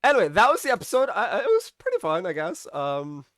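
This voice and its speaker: A man's voice: high voice, huge pitch swings, quick pace, fairly bright tone, no room sound, clean studio sound. A man giving a casual, rambling review of a TV episode. He uses lots of fillers and restarts and acts out the characters' lines as he recaps.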